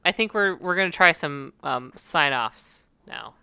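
Bright, crisp-voiced giggly woman co-host. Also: sits low, animated, no echo. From Wisconsin. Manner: giggly, bubbly, quick asides. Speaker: podcast co-host. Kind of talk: casual chat.

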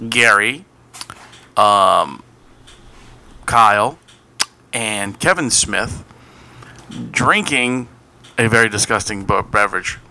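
A man co-hosting a casual podcast, rambling and relaxed, swearing casually. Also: on the low side, takes it slowly, creaky, pauses often. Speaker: podcast co-host. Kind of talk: casual chat.

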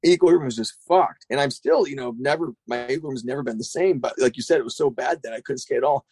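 A gravelly-voiced middle-aged man talks quickly and loosely, swearing freely as he rambles through skate stories. The sound is dry and close, with no room in it. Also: medium pitch, no echo. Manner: profane, rambling, animated storyteller. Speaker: skate shop owner. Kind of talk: casual podcast chat.

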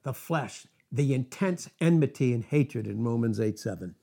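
A man's voice: medium pitch, lively intonation, moderate pace, gravelly, hardly any pauses, dark tone. A man preaching a sermon, pressing his listeners with repeated rhetorical questions and emphatic calls.

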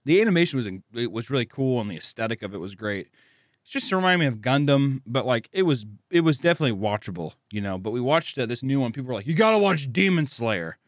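A man's voice: mid-range voice, quick pace, no room sound, studio quality. A man from the States, telling stories in casual, profane podcast chat. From Southern United States. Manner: profane, animated storytelling. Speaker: animator, podcast guest.

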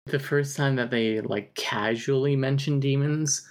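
A woman co-hosting a casual podcast, with an unusually deep, low-pitched voice. She talks through the story with dry, wry asides. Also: measured pace. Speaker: podcast co-host. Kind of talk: casual chat about a story.

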